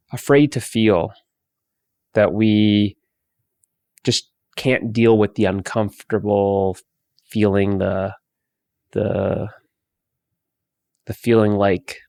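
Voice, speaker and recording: A man teaching about emotions in a slow, repetitive way, often restarting his sentences. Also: fairly low pitch, smooth, dry recording. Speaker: meditation teacher. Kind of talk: spoken guidance talk.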